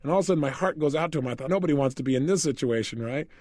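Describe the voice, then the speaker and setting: A man talks through a motivational lesson like a story, laughing now and then as he goes. His voice sits a little high and swings widely in pitch. The recording is dry and close, with no room sound. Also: racing, no echo. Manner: animated storytelling, laughing often. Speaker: self-help coach.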